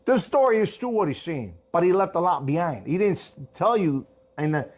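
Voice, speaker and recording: A man's voice: high-pitched, fairly quick. Fiery, profane older-sounding restaurant owner man. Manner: animated, profane, fiery storytelling. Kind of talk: storytelling in casual chat.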